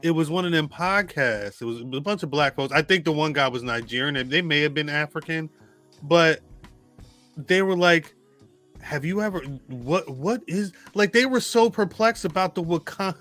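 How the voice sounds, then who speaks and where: Bright, laughing male podcast host. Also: on the high side, normal speed, soft background music. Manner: laughs often, animated and nerdy. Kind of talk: casual chat.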